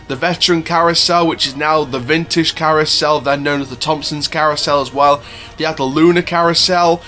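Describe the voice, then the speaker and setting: A man hosts a casual vlog in a fairly high, bright and forceful voice. He talks in a chatty, upbeat way and often stops to restart a phrase. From England (Doncaster). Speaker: theme park YouTuber host.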